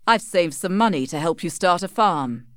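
A woman's voice: on the low side, animated, dry recording, studio quality, close to an everyday voice. Woman voicing a stern, pious old father. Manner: slow, firm, measured. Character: stern older religious father, a clergyman.

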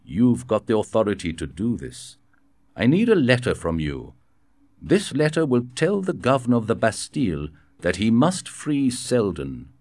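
A man reading a storybook voices a cunning musketeer, speaking in a smooth, insistent way. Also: mid-range voice, huge pitch swings, moderate pace, darkish tone, no echo, studio quality. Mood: scheming. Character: cunning scheming male musketeer, persuasive.

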